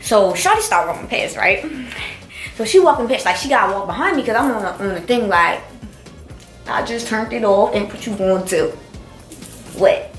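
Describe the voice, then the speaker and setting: A young woman tells a story to the camera in a lively, emphatic style, jumping into the voices of the people in it. Her voice carries an echoing room sound, with faint music underneath. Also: medium pitch, moderate pace, long pauses. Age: young adult. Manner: animated, emphatic, acts out dialogue. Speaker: college student telling a story. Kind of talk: casual storytime. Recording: roomy echo with faint music.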